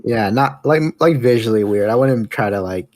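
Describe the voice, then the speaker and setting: A man's voice: on the low side, moderate pace, no echo. A man hosting a podcast in casual comedic chat, rambling, laughing often and acting out silly scenes. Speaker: podcast host.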